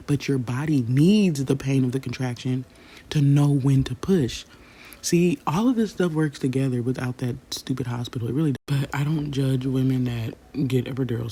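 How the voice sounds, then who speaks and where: A young woman vlogger who tells a personal story in a casual, animated way, swearing freely and talking straight to her viewers. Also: very deep voice, creaky, breathy edge. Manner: animated, swears freely, acts out quotes, talks to viewers directly.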